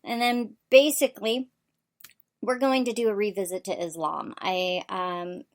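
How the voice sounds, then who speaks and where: A woman hosts a political talk show from the United States, rushing through an opinionated monologue. Her talk is quick and packed with ums, uhs and restarts as she presses her points. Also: medium pitch, steady tone. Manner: rapid with frequent fillers and restarts.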